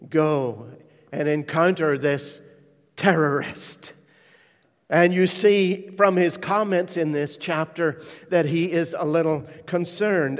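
Preacher man in a reverberant hall. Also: a little high. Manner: testimony told with hushed, tender passages and sudden loud acted quotes. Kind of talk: sermon.

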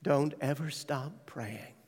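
A man preaching a sermon, telling his testimony with hushed, tender stretches and sudden loud quoted voices. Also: fairly high pitch, takes it slowly, slightly rough. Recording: large hall reverb.

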